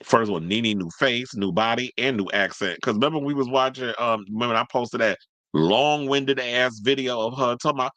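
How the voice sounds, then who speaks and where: A man's voice: medium pitch, animated, a little fast, pushed and bright, dry recording. A man giving casual celebrity gossip commentary, sassy and blunt, reading out news and riffing on it. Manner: sassy, blunt, reads news aloud and then riffs on it.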